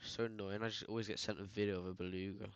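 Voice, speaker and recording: A man's voice: on the low side, level tone, very fast, clear, resonant tone, no room sound. A man with a British accent chatting casually while editing photos, rambling and slangy, full of filler words. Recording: dull, dry lo-fi sound.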